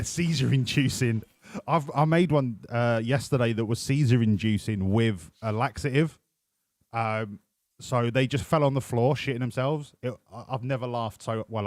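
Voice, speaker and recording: Male streamer, casual sweary running commentary, average pitch. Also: dry recording, studio quality. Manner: crude, rambling, sweary.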